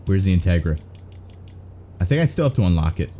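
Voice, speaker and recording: Young dude rambling thru a racing game stream, mellow tone, swears a lot. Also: male voice, low-pitched, very animated, a little fast, slight background noise. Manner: rambling, swearing, self-mocking. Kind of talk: casual live-stream gameplay commentary.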